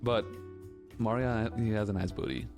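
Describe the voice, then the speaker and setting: A man's voice: on the low side, fairly even intonation, moderate pace, gravelly, a little mellow, soft background music. A man streaming and answering chat questions in casual, rambling chat, candid and full of "like" and "you know".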